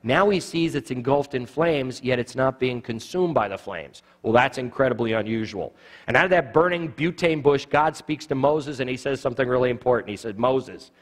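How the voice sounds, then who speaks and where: A man teaching evangelism in a church, an animated storyteller who acts out the voices in his stories. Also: mid-range voice, brisk. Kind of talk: sermon-style teaching. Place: church sanctuary. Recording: reverberant church hall.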